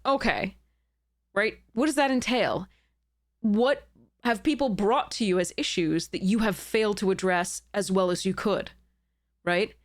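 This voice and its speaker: A woman hosting a casual commentary, reading quoted lines aloud and rebutting them, talking animatedly with "right?" tags. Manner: animated, rising pitch when indignant, frequent "right?" asides. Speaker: commentary host. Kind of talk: casual commentary analyzing a letter.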